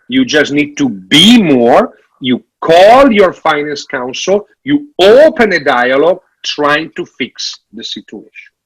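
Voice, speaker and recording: A man from Italy, giving a frank, animated workshop talk on finances with some jokes. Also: on the high side, husky, rough recording. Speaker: workshop speaker on parish finances. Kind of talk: conference presentation.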